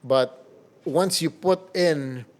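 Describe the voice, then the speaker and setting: Lively Filipino man, playful guest. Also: on the high side, slow. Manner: lively, playful, mixes Tagalog and English. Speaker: guest, radio DJ and host. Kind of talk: casual podcast interview.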